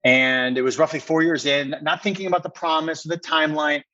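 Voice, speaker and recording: A man's voice: a little high, steady tone, fairly quick, bright, forceful tone, dry recording, muffled recording. A man, a company co-founder, telling a personal story as a podcast guest, earnest and repeating words for emphasis.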